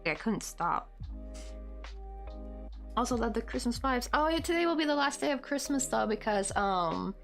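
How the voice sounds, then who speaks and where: A woman's voice: on the high side, expressive, normal speed, creaky, pauses often, fairly bright tone, faint music behind. A woman from the States with a Southern American accent, chatting casually on a live stream while she crochets, rambling and reading out chat comments. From United States.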